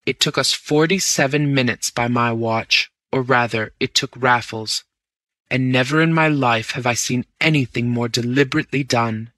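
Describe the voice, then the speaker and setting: Bright-voiced male audiobook narrator. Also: medium pitch, normal speed, no room sound. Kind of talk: first-person story narration.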